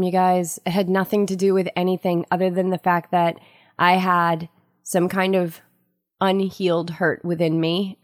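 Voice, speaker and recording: A woman hosting a spiritual self-help podcast, telling a personal story in an earnest, animated way. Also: on the low side, no echo, clean studio sound. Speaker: podcast host.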